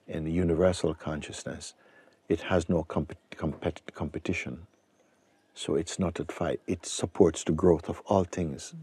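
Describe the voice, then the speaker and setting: A man giving a spiritual talk to an audience, speaking slowly and reflectively with pauses and restarts. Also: deep voice, vocal fry, mellow, slightly rough, dry recording. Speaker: spiritual teacher.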